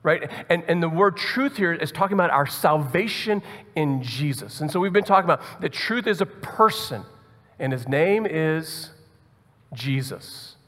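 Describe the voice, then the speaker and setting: A man's voice: on the high side, lively intonation, unhurried, a bit bright. A man preaching a conversational sermon as pastor, often repeating words as he thinks aloud. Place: church hall. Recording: long hall reverb.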